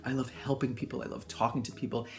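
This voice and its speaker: A middle-aged man, a hairdresser and salon owner, telling a personal story in an animated way, laughing as he goes. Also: medium pitch, fast talker, vocal fry, soft background music. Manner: animated, laughing, acts out voices in quotes. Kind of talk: storytelling monologue.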